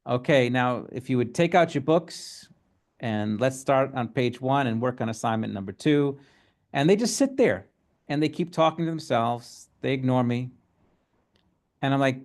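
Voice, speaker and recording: Soft-spoken man leading a Bible study. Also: medium pitch, expressive. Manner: thoughtful, halting, many fillers. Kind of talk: casual teaching talk.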